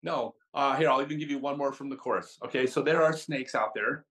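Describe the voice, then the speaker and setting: A man who is a podcast guest and tells chatty, animated stories with frequent restarts. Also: mid-range voice, brisk. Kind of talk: casual storytelling.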